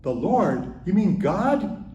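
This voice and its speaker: A man voicing a desperate man clinging to a cliff branch, yelling and pleading. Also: high-pitched, very animated, takes it slowly, reverberant, distant mic, dull audio, a little hiss or hum, pitched above the performer's own voice, exaggerated voice.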